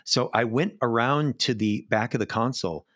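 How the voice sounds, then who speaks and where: A middle-aged man, a live sound engineer, telling animated backstage stories in a casual interview. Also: medium pitch, normal speed, no echo, studio quality. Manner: animated anecdotes, acts out quoted voices.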